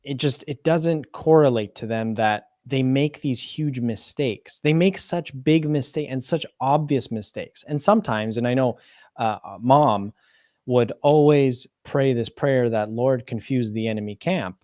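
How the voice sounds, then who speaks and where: A man hosting an interview, talking in an animated way and often stumbling and restarting mid-sentence. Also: mid-range voice, a little slow, no room sound, clean studio sound. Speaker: host. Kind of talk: conversational interview.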